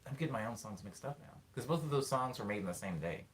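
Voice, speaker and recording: A man's voice: mid-range voice, lively intonation, fast talker, slight background noise. A man, a musician, chatting casually with his stream viewers and rambling as he thinks aloud with lots of fillers. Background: loud guitar playing.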